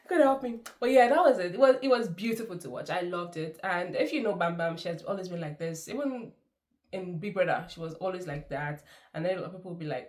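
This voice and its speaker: A woman's voice: medium pitch, expressive, quick pace, a little mellow. A woman giving a chatty, effusive film review, laughing often. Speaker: movie reviewer. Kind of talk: casual movie review.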